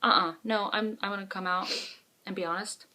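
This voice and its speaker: On a podcast she co-hosts, a woman speaks fairly quickly in a mid-range voice. Her casual talk is frank and self-deprecating, delivered as chatty, animated storytelling.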